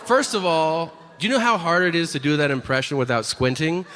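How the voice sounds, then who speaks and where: A man's voice: fairly high pitch, brisk, in a large hall, a crowd in the background. A man doing a brash, crude stand-up comedy set on stage before an audience. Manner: brash, animated, crude punchlines. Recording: live stage mic with room noise.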